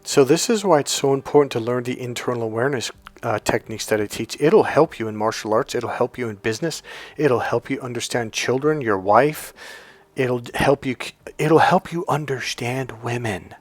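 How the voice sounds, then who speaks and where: A man's voice: mid-range voice, normal speed, no echo. Blunt, profane male dating coach. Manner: blunt, profane storytelling with acted quotes. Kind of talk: casual coaching monologue.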